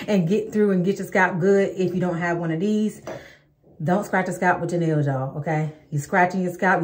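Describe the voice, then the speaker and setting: Woman, 30s, home hair-care vlogger; lower voice, casual and chatty with viewers, echoey room. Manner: chatty, addresses viewers as y'all, many ums. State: out of breath. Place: home, indoors.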